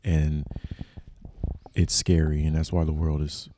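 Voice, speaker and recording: A man on a casual podcast, talking slowly and reflectively with many fillers. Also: very deep voice, flat delivery, dark tone, slight background noise. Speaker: podcast co-host.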